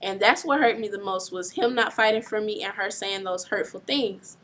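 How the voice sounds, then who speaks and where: A young woman recounting a painful family story in a personal vlog, speaking softly and in a subdued way. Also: medium pitch, moderate pace.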